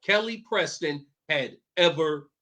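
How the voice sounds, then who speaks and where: A man's voice: a little high, slow, bright, forceful tone. A man co-hosting a podcast, chatting casually, asking questions and giving his opinions. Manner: asks questions and gives opinions. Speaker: podcast co-host. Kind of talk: casual chat.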